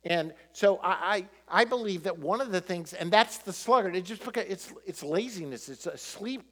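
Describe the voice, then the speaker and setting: Man, pastor, sermon, animated, rhetorical questions, somewhat high voice. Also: normal speed, big-room sound.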